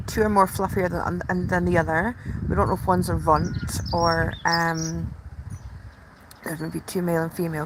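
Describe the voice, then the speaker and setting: A woman with a slightly low voice chats on a casual live stream from an outdoor tub. She gushes and sometimes drops into excited whispers. Clear background noise runs under her phone recording. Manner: chatty, gushing, breaks into excited whispers.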